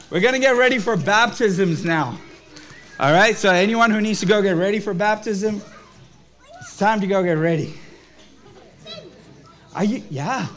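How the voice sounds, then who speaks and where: A man's voice: sits high, fairly bright tone. A man leading a family church service, preaching to children and adults in an upbeat way and asking them questions.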